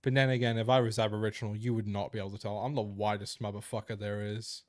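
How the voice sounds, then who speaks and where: A man's voice: fairly low pitch, level tone, fast, no echo. Brief: young male streamer, casual banter with chat, close dry mic. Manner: joking, crude, chatty with viewers. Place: indoor room.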